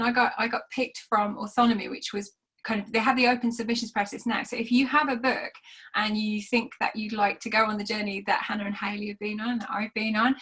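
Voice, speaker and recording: A woman hosting an online author conversation, encouraging and reacting quickly, reading out audience questions. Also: a little high, fairly bright tone, slightly rough. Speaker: host.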